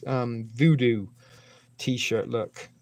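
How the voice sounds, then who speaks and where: A man with a gravelly, creaky voice hosts a casual live stream, rambling from one thing to the next. His pitch sits in an ordinary middle range, and he keeps chatting to his viewers by name as he goes. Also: very slow, a little mellow.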